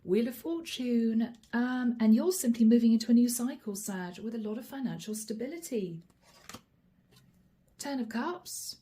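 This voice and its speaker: A woman giving a channeled tarot reading straight to her viewers, chatty and friendly, slowing down to name each card. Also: a little high, mellow. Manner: chatty, addresses viewers directly, slows to name cards. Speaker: tarot reader.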